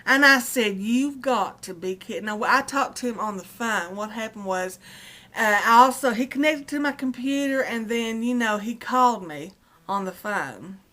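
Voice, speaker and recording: A woman's voice: a little high, normal speed, sharp tone. Indignant woman ranting about tech support. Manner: indignant, retelling dialogue with many "I said". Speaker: vlogger. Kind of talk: angry personal rant.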